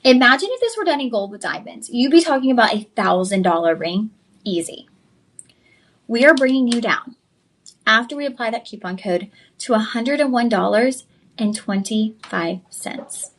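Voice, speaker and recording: A woman's voice: on the high side, animated, normal speed, a bit bright. Upbeat woman selling jewelry live. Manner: upbeat, chatty, says "y'all". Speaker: shopping channel host. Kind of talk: live shopping broadcast pitch.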